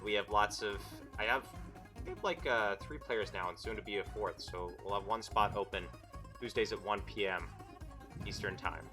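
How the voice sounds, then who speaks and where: A man's voice: fairly low pitch, moderate pace, over music. A man from Quebec with a Canadian accent, narrating a tabletop game as game master in a rambling, casual way. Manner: rambling, filler-heavy recap.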